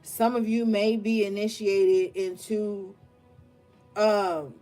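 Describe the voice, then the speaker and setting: A woman in her young adult years gives a tarot reading in a slow, unhurried drawl. She talks bluntly, swears freely and laughs often as she hypes up her listeners. Her voice sits at a middle pitch. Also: steady tone, dark tone, faint music behind. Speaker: tarot reader. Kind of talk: casual spoken tarot reading.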